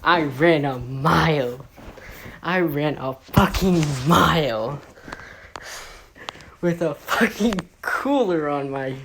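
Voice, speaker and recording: A worn-out cop, as a woman acts him out grumbles and curses over his wasted effort. The voice stays low and unhurried, sour and complaining throughout. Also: background noise. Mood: bitter griping. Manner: griping, profane, breathless complaint. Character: worn-out adult male police officer, bitter.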